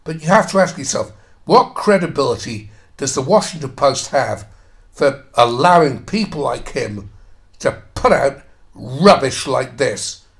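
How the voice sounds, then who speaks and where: A man's voice: medium pitch, expressive, a little slow, gravelly. Angry sweary man ranting at an article. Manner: angry, sarcastic, heavy swearing; reads quoted passages, then mocks them. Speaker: commentator reacting to an article. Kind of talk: ranting commentary on a read-aloud article.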